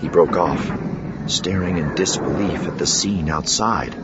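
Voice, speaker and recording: Deep-voiced male audiobook narrator. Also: a little slow. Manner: expressive, dramatic reading. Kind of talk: scripted narration. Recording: dull lo-fi with steady noise.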